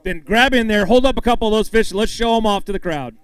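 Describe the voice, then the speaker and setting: Upbeat guy emceeing a bass weigh-in, high voice, dry sound. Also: fast, clean tone, no echo. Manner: upbeat, hypes each angler and jokes with them. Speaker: tournament emcee. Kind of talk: live weigh-in announcing.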